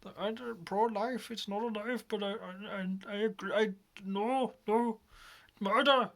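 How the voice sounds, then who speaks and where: A man putting on a dim-witted male protester, high-pitched, dopey, stumbling. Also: fairly even intonation, a bit bright. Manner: dopey, halting, slow-witted delivery.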